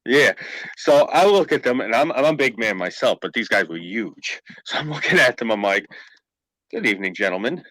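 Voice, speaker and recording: Animated, profane male storyteller. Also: medium pitch, brisk, few pauses, no room sound, rough recording. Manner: profane, animated anecdote-telling. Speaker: podcast host. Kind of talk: casual storytelling.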